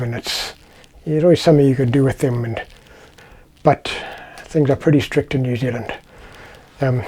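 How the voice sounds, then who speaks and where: Man, middle-aged, South African accent, rambling anecdotes, husky, mellow tone. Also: mid-range voice. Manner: rambling, conversational, with restarts. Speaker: vlogger. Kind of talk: casual anecdotal storytelling.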